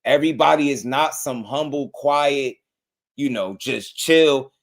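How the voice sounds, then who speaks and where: A man giving casual, animated commentary on boxing, full of slang, laughing often and talking straight at his listeners. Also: medium pitch, a little slow, gravelly. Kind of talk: casual opinion talk.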